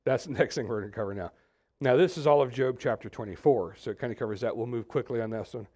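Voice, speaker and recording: A man's voice: medium pitch, quick pace, warm tone, slightly rough. A man from Texas, preaching a sermon as pastor and wandering into joking asides.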